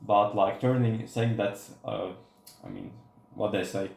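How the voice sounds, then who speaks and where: A man's voice: fairly low pitch, fairly even intonation, measured pace, creaky, darkish tone. A young man co-hosting a podcast, talking in a loose, rambling way full of filler words. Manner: rambling, heavy use of "like" fillers. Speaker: podcast co-host. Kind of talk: casual podcast chat. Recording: roomy echo.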